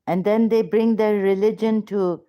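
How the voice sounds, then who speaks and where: A woman's voice: mid-range voice, fairly even intonation, normal speed, dark tone, clear, resonant tone. A woman arguing heatedly on a call, confrontational and accusatory. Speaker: ex-Muslim debater on a call. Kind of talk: heated argument.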